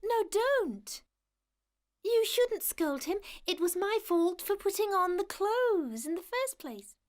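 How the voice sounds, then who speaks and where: A sweet young fairy from a cartoon, gentle and easily amused. She speaks very high and slowly, with a soft, lilting softness. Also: very animated, full character voice. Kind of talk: cartoon dub.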